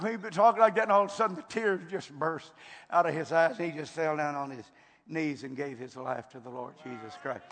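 A man's voice: on the high side, brisk, fairly bright tone. An older man from Texas with a Texan accent, preaching a fervent sermon and often repeating his words. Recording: long hall reverb.

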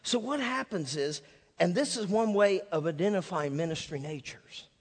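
A male pastor delivers a sermon from a church stage in a fairly high voice. He tells stories with imitated sound effects. His voice rings out with a long reverb through the hall. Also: normal speed, slightly rough. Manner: lively storytelling with sound effects. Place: church sanctuary.

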